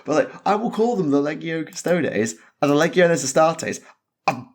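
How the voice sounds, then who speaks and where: A man's voice: fairly high pitch, animated, moderate pace. A man hosting a podcast, ranting emphatically and swearing, often breaking into laughter. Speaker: podcast host. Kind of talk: casual podcast chat.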